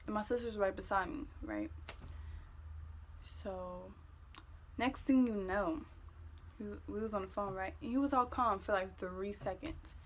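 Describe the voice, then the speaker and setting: A young woman vlogger telling a story-time tale in casual, profane, animated talk that gets loud when she replays an argument. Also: medium pitch, measured pace, long pauses, slight background noise.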